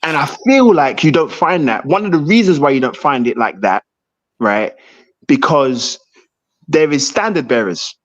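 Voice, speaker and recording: A man's voice: on the high side, lively intonation, moderate pace, lo-fi sound. A man from the United Kingdom in a heated casual debate, often repeating himself and checking in with "right?".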